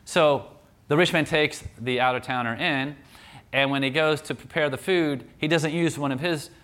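A man's voice: medium pitch, fairly bright tone. A man preaching a sermon in a conversational, storytelling way, often restarting his sentences.

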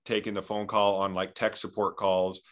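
Man, podcast guest, self-mocking, laughs a lot, lowish voice. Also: little pitch movement, moderate pace, a bit bright. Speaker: podcast guest, content creator. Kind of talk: casual chat.

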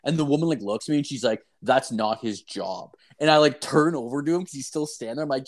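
Dude rambling through a story on a podcast, swears constantly, says like a lot, average pitch guy. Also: quick pace, few pauses. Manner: profane, rambling, animated storyteller with many "like"s. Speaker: podcast co-host. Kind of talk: casual storytelling chat.

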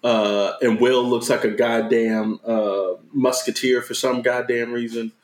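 A man's voice: mid-range voice, level tone, measured pace. Man recapping a movie in an echoey room. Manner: profane, slangy retelling with acted-out quotes. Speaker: podcast co-host. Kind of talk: casual movie recap chat.

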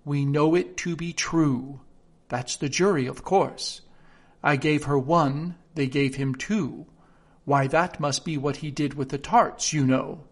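A man's voice: fairly high pitch, slow pace. A man playing a pompous, fussy card king. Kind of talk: storybook reading.

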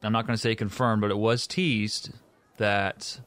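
A man's voice: fairly low pitch, steady tone, measured pace, fairly bright tone, no room sound. A man co-hosting a casual gaming podcast in a laid-back, easygoing way. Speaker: podcast co-host.

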